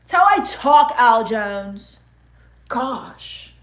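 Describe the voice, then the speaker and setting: A woman comedian on a livestream, reading chat comments aloud and answering them with deadpan, mock-gloomy dark humor. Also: fairly high pitch, drawn-out words.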